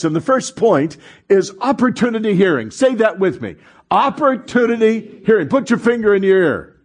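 A man preaching a sermon as pastor, animated, calling on the congregation to respond and acting out voices in his stories. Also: sits high.

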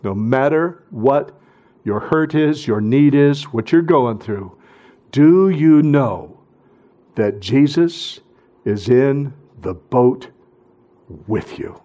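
Dramatic preaching man, hushed to booming. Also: expressive, takes it slowly. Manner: dramatic, swinging from loud emphatic bursts to hushed near-whispers. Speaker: pastor. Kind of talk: sermon.

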